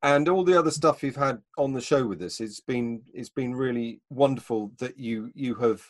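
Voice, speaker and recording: A man's voice: mid-range voice, moderate pace. A man co-hosting a comedy sketch show, his voice in the middle range. He talks in a loose, rambling way, full of small fillers. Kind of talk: casual chat.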